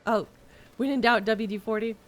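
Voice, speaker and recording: A woman's voice: fairly high pitch, normal speed. A woman streamer chatting casually and reading game dialogue aloud with a giggly, playful manner.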